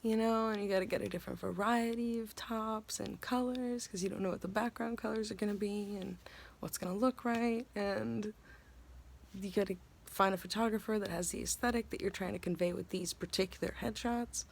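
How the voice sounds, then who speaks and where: Young actress vlogging; gravelly fry at line ends, rambling, giddy, self-deprecating, running on coffee and no food. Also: female voice, medium pitch, fairly even intonation, brisk. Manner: chatty, rambling, self-mocking; giddy and scattered. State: hungry and tired. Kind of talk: casual vlog chat.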